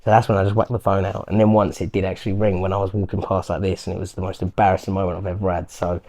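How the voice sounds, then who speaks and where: A man's voice: sits low, flat delivery, rapid-fire, warm tone. A man, a professional fighter, chatting casually in an interview and acting out what strangers say to him. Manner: chatty, acts out quotes of strangers. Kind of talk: casual chat.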